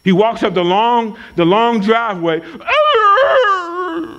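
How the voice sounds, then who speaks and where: A man's voice: high voice, moderate pace, dull audio. A man preaching a sermon at a church service, emphatic and folksy, repeating his key lines for weight. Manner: conversational, folksy asides. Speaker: pastor.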